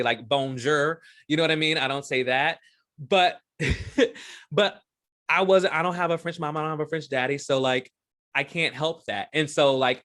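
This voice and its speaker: Guy from houston rambling thru stories on a podcast, bright tone, lots of likes and ums. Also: medium pitch. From Houston, Texas. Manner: chatty storyteller, many fillers and restarts. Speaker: guest, stage performer. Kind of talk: casual interview chat.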